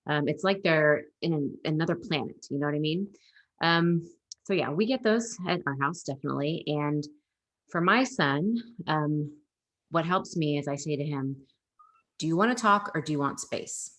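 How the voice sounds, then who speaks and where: A woman's voice: low-pitched, moderate pace. A young adult woman, a former teacher and parent, chatting as an interview guest, laughing often and acting out quotes. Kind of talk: casual interview chat.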